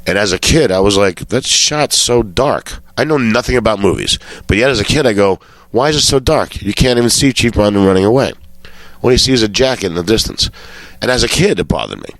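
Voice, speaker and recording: A man with a deep, low voice recounts showbiz anecdotes as a guest on a talk show. He swears casually and slips into the voices of the people he quotes. The sound is dry and close, with no room around it. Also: expressive, fast talker, fairly bright tone, no room sound. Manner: swearing storyteller who acts out quotes. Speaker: comedian guest.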